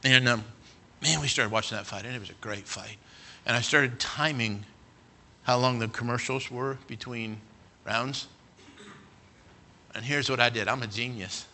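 Very bright-voiced male preacher. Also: medium pitch, normal speed, pauses often, slight background noise. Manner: storytelling, swings from quiet asides to loud near-shouts. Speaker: pastor. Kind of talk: sermon.

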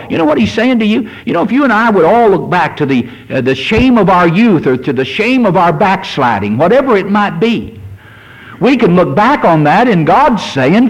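A man's voice: high voice, big pitch swings, fairly quick, slightly rough, rough recording. A man in his sixties, a pastor preaching a fervent sermon and reading scripture aloud. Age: 60s.

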